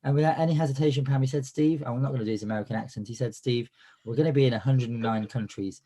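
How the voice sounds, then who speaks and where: A man's voice: mid-range voice, rapid-fire, warm tone. A man with a cold and a cough, hosting a business coaching webinar in a chatty style full of fillers and restarts. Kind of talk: live webinar presentation.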